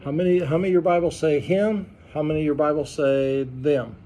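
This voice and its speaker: A pastor leading an informal Bible study, talking conversationally and quizzing the group with questions. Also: male voice, on the high side, steady tone, a little fast, mellow. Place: church study group room.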